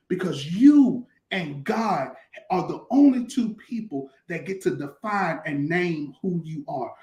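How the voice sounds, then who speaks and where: A man's voice: on the high side, lively intonation, unhurried, a little mellow, echoey room. A man, a pastor, talking casually and emphatically, telling stories with a lot of repetition. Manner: emphatic, repetitive, colloquial storytelling. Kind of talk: conversational talk-show teaching.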